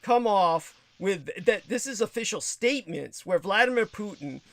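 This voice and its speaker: Gravelly man rambling on a livestream. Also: high-pitched, expressive, normal speed, a bit bright, no echo. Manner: digressive, crude, emphatic, frequent restarts. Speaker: livestream host.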